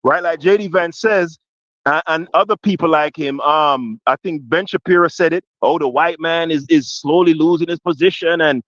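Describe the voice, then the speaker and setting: A man with a Jamaican accent, talking politics on a podcast with a slightly high voice. He asks long rambling questions, restarts his sentences and keeps checking in with "right?". The dry, dull, lo-fi sound carries him as he builds up heat. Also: moderate pace, no echo. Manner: grows louder and more forceful when passionate. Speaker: podcast co-host. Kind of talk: heated political discussion.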